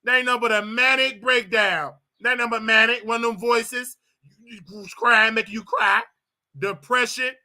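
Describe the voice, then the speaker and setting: A man's voice: very high voice, steady tone, moderate pace, pushed and bright. A man hosting a commentary show, talking in a casual, mocking way and mimicking others in exaggerated voices. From United States.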